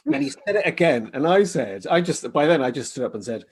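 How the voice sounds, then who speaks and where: A man's voice: a little high, big pitch swings, brisk, slightly rough. A man on a panel telling a short courtroom anecdote over a video call, laughing as he goes. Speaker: panelist, lawyer. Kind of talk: casual panel chat.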